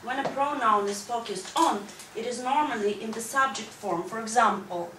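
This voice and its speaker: In a school classroom, a woman speaking at normal speed in a slightly high voice walks her class through English grammar one step at a time, pausing to ask "right?". The recording is distant and echoey, with noise in the background.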